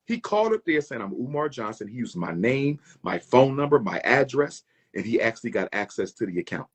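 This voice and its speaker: A man in a played clip speaks to an audience, emphatic and aggrieved. His voice is husky and sits at a middle pitch. He swings it widely for emphasis. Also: very animated, a little fast. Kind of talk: address to an audience.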